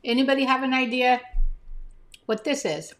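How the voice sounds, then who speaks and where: This woman's fairly bright voice sits high and moves at a normal speed as she runs a casual live stream. Holding things up to the camera, she chats with viewers by name, sometimes while chewing.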